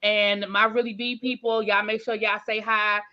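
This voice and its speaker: A woman's voice: mid-range voice, level tone, normal speed. A woman hosting a casual livestream, greeting viewers by name in a chatty, familiar way. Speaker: livestream host. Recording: slightly dull lo-fi stream audio.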